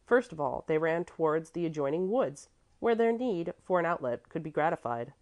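Low-voiced woman narrating a classic story. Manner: steady, measured reading. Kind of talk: audiobook narration.

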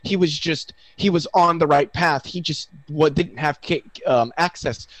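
A man in a live online debate, explaining physics with many halting restarts. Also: fairly high pitch, a bit bright, dry recording, poor audio. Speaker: debate guest.

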